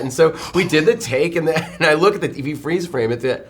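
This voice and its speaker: A man's voice: on the high side, slight background noise. A man in his forties, a film director, telling stories in a press interview and acting out the quotes. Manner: animated, quick storytelling with acted-out quotes.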